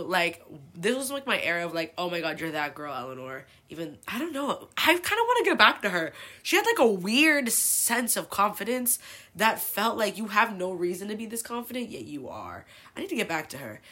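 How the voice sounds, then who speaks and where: A woman's voice: medium pitch, bright, forceful tone. A woman in her twenties from California, telling personal stories in a casual, profane, oversharing way as a podcast host. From El Sobrante, California. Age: 20s. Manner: chatty, profane, oversharing, filler-heavy. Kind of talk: casual confessional storytelling.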